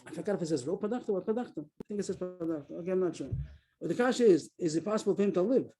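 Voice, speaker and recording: Fast-talking man teaching on a video call. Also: sits high. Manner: explains quickly, repeats phrases, reads Aramaic text aloud. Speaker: Talmud teacher. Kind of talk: Daf Yomi class on a video call.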